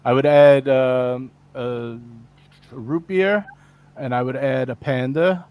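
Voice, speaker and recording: A man of ordinary pitch chatting as a guest on a casual livestream. His talk is relaxed and offhand, easy and unhurried. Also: clean tone, highs cut off.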